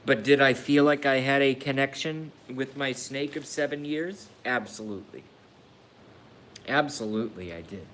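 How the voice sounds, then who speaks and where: A man talks on a live stream in a low, unhurried voice, pausing often, sighing and swearing as he goes. He sounds emotional and grieving. A faint rumble of noise sits under the recording. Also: a bit bright. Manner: slow, halting talk with sighs and swearing. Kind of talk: casual live-stream rant.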